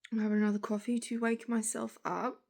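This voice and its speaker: A woman's voice: on the high side, level tone, a little fast, vocal fry, a little mellow. A young Australian woman chatting frankly in a vlog, tired and groggy, rambling in long run-on sentences. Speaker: vlogger. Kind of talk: casual chat.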